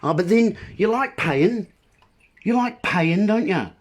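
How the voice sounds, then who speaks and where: A man's voice: high voice, expressive, takes it slowly. A man talking to his viewers in an impassioned monologue, emphatic and frustrated, playing with words. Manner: impassioned, emphatic wordplay ranting. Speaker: vlogger.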